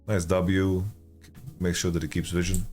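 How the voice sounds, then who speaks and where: A man giving casual esports commentary on a stream, sleepy and yawning, with relaxed speech and stammering restarts as he answers chat. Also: low voice, unhurried, faint music behind. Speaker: esports caster and analyst.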